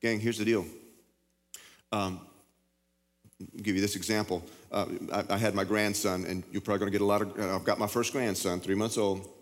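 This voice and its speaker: A man's voice: fairly low pitch, fairly even intonation, a little fast, long pauses. A middle-aged man preaching a sermon in a folksy way, often repeating and stumbling over his words, in a large church hall. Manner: folksy, repetitive, stammering. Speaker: pastor. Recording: long hall reverb.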